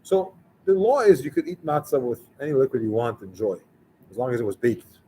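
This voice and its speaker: A man in a rabbi's storytelling sermon, talking in an easy, conversational way at a middle pitch. He slips into the voices of the people in his tale as he goes. A faint hiss of noise sits underneath. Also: very animated, fairly quick, mellow, rough recording.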